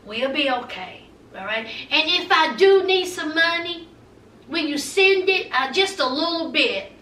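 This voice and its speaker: A woman putting on the voice of a gentle middle-aged mother quietly comforting her son. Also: unhurried, reverberant, recorded from a distance, slight background noise, heavily acted. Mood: soothing. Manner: soft, low, coaxing.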